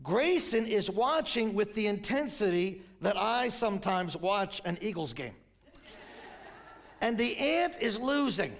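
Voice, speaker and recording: An older man preaching a sermon as pastor, telling stories and quoting scripture, sometimes rising to shouts. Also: sits high, big pitch swings, unhurried, creaky.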